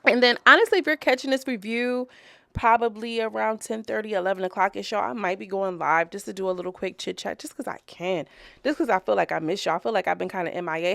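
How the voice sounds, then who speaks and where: Gravelly-voiced chatty woman vlogger. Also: medium pitch, fast talker, pushed and bright, no room sound. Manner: chatty, rambling, profane, talks straight to viewers. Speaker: reality show reviewer. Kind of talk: casual vlog review.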